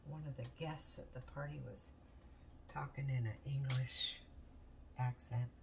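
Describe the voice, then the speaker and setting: A woman's voice: extremely low pitch, a little slow, creaky. A woman chatting casually while cooking at home in her kitchen, chatty and self-mocking, laughing often. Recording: distant mic with steady background noise.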